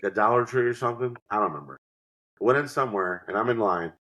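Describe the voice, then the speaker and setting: A man with a fairly low voice chats casually on a podcast, spinning loose, rambling anecdotes. He drops into quick impressions of the people in his stories, then falls back into an easy, offhand tone. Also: pushed and bright, low-quality recording. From New York. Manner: rambling storyteller, acts out quotes. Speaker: podcast co-host. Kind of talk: casual chat.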